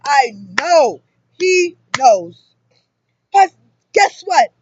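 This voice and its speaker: A woman in her thirties talking casually to camera about her relationship, in an animated storytelling manner that jumps up loud for emphasis. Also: medium pitch, normal speed, a little hiss or hum. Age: 30s. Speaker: spiritual vlogger. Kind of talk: casual personal monologue.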